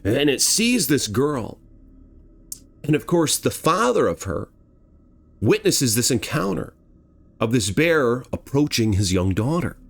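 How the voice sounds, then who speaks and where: A man hosting a horror channel, giving a dramatic retelling of a true bear attack and acting out the action with sound words and shouts. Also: mid-range voice, big pitch swings, unhurried, creaky, long pauses.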